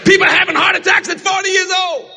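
An older man from the American South preaching a sermon, telling folksy family stories with frequent shouting and laughter. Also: extremely high pitch, fairly even intonation, fast, vocal fry, long reverb tail, a faint crowd, a little hiss or hum.

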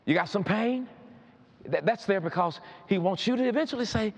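A preacher with an unusually high voice for a man, swinging widely in pitch as he preaches. He is emphatic and repetitive, pressing each point and building up to shouts. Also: lively intonation, moderate pace, creaky, husky. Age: adult. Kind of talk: sermon.

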